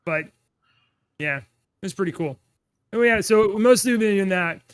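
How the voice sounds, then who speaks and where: A man in his thirties co-hosting a podcast, chatting casually and telling animated, rambling stories with laughs. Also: high voice, moderate pace, clear, resonant tone, dry recording. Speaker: podcast co-host. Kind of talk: casual chat.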